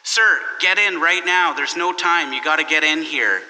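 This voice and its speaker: A man acting out a rescuer in a motorboat, urgent and commanding. His voice is a little raised and bright, echoing in a reverberant hall. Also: fairly high pitch, normal speed.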